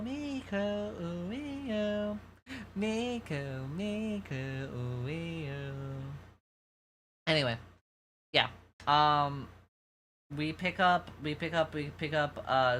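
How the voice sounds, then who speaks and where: Bright-voiced streamer with a New York accent. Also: male voice, fairly high pitch, slight background noise. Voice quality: soft feminine-sounding voice. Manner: rambling, profane storytelling to chat. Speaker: VTuber streamer. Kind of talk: casual livestream chat.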